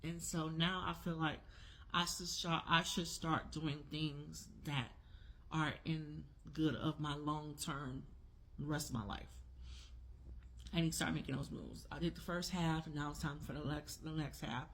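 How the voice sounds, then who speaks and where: A woman's voice: sits low, steady tone, unhurried, a bit bright, a little hiss or hum. A woman in her forties speaking in a casual opinion vlog, talking emphatically and repeating her key words. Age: 40s. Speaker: vlogger.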